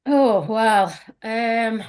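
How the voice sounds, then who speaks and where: Woman, soft Scouse accent, lilting and chatty, guest in a relaxed interview. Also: fairly high pitch, very slow, clean tone. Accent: soft south Liverpool Scouse. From Liverpool, England. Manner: sing-songy, chatty, many fillers. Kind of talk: casual interview chat.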